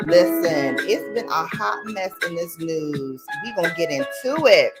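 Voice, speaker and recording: A woman's voice: fairly low pitch, expressive, measured pace, few pauses. A woman hosting a casual livestream from home, greeting viewers and chatting about her week. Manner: chatty, greets viewers, chants along to music. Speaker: livestream host. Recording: music in the background. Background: music playing.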